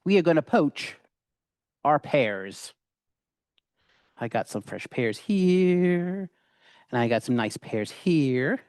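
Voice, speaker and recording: A man's voice: a little high, very animated, slow, pauses often, darkish tone, dry recording, studio quality. A middle-aged man giving a casual, rambling cooking demonstration, with many fillers and restarts. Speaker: cooking instructor.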